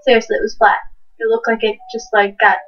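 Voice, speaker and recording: A high-pitched teenage girl chats casually and tells a story, swearing freely and voicing the people in it. She sits some way from the microphone. The recording sounds dull and lo-fi. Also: fast. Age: teens. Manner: swears freely, animated retelling with voiced quotes. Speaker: co-host. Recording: distant, dull lo-fi home mic.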